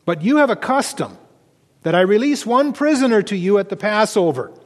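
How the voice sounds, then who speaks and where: A man lifting his voice for a stern, incredulous Roman governor who fires question after question at his prisoner. The higher voice rings out with a long church-hall reverb. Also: big pitch swings, brisk.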